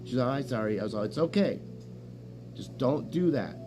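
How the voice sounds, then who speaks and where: A man's voice: medium pitch, animated, moderate pace. Profane rambling man over room hum. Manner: profane, boastful, jumps between stories. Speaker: streamer. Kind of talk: casual rambling chat.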